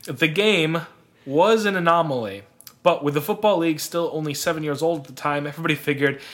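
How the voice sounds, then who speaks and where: A man's voice: a little high, a little fast, a bit bright. A young man co-hosting a podcast, telling a sports story in casual chat, rambling and laughing often. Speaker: podcast co-host.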